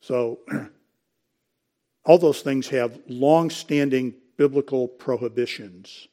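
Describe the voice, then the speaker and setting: Delivering a sermon at a slow pace, this man speaks in a warm, medium-pitched voice. He unpacks scripture, quotes verses, calls his listeners "folks," and occasionally clears his throat.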